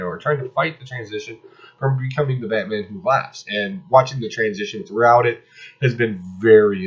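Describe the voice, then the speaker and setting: Husky, sarcastic man reviewing comics. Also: fairly low pitch. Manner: sarcastic, exasperated ranting. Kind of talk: casual comic review monologue. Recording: slightly dull lo-fi audio.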